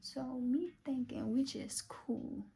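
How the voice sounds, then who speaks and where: A woman's voice: sits high, slow, vocal fry, warm tone, a little hiss or hum. A young woman vlogger telling a personal story in a chatty way, full of fillers and often dropping to a half-whisper. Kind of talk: casual storytime vlog.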